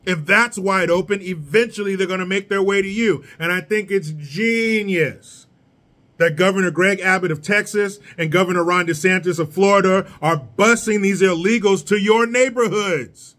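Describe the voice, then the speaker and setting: Sarcastic high-voiced male ranter. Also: moderate pace, fairly bright tone. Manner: sarcastic, mocking, blunt. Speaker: political commentator. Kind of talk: solo rant commentary.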